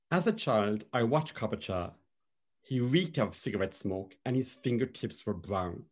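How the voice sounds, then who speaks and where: Middle-aged Cork Irish man, measured wry storyteller, mid-pitched voice. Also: a little mellow, breathy edge. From Cork, Ireland. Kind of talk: live personal storytelling.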